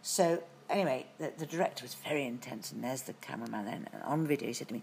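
Middle-aged british actress w a low voice spinning long stories, lots of restarts, faint hiss behind. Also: female voice, a little fast, creaky. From Britain. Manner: lively storytelling with frequent restarts. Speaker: actress as guest. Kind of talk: anecdotal interview chat.

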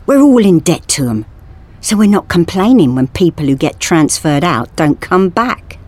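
A woman's voice: lowish voice, expressive, moderate pace, darkish tone. A woman voicing an anxious, earnest young male store worker who presses his worries urgently. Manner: urgent, insistent.

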